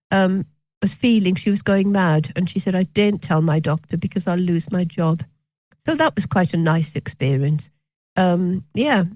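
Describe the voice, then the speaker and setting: A woman, a physician telling stories as an interview guest, hesitant with many pauses and restarts, wry at times. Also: fairly low pitch, darkish tone, no room sound, low-quality recording. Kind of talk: conversational storytelling interview.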